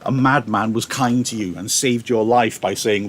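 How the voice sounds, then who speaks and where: A man's voice: on the low side, moderate pace. A male teacher in a live lesson, reading a play aloud and explaining it in casual modern paraphrase, into a laptop mic.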